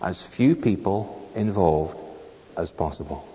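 A man preaching a sermon in a church hall, animated, acting out little scenes in raised voices. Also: low voice, slow. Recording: long reverb of a large hall.

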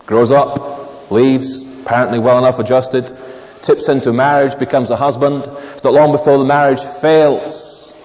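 A man preaching a sermon, reading scripture slowly and emphatically, then telling stories with dry, wry asides. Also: steady tone, a little mellow. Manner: measured, emphatic, drops low on key words. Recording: long reverb of a large hall.

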